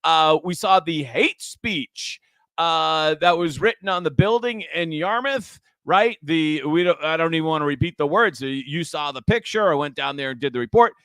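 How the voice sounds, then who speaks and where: Man, talk show host, high voice, rambling chatty delivery, dry close sound. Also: expressive, normal speed, fairly bright tone, clear, resonant tone, no echo. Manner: chatty, rambling, with frequent restarts and asides. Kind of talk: casual political talk show.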